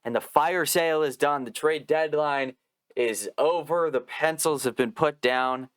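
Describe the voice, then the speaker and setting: A young man hosts a casual sports podcast, his voice smooth and resonant. He tells stories with animated, profane energy and laughs a lot. The sound is close and dry. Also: a little high, measured pace, no echo. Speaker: podcast host.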